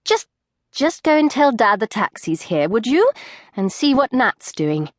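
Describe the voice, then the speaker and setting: A flustered dressmaker keeps her politeness hesitant and strained, as a woman narrator voices her. Her pitch moves around a lot, and the recording is close and dry. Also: sing-song, a little slow, dry recording. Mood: hurried.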